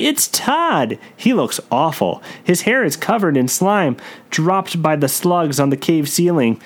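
A man hosting a comedy podcast, reading a gamebook aloud with lively storytelling and joking asides. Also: a little high, a little slow. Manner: lively storytelling, breaks off to joke.

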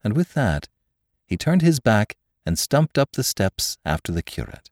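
A man narrating a classic story as a podcast host, in measured, expressive storytelling. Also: lowish voice, dry recording, studio quality. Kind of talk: audiobook narration.

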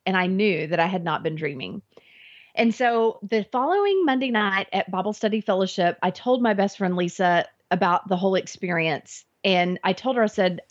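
Woman guest, earnest storyteller, mid-pitched, slightly dull recording. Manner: earnest, vivid retelling with acted inner thoughts. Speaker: interview guest. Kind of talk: personal faith testimony storytelling. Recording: dull lo-fi audio.

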